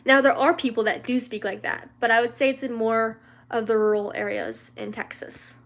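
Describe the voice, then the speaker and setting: A woman's voice: fairly high pitch, level tone, normal speed, vocal fry, fairly bright tone. A young woman from the American South chatting casually on a livestream, answering viewer questions with lots of fillers, restarts and giggles. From Louisiana, raised in the American South.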